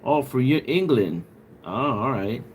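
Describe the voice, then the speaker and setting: A man's voice: medium pitch, lively intonation, a little slow, a little hiss or hum. A man hosting a livestream, casually chatting with viewers and joking around, laughing often. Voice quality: bald. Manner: joking, laughs often, mimics a British accent. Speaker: livestream host. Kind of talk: casual livestream chat reading viewer comments.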